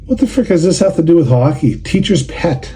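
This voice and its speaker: A man's voice: on the high side, expressive, a little fast, dark tone. A middle-aged man, casually grumbling and sarcastic while opening trading cards for a vlog. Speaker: card collector and show organizer.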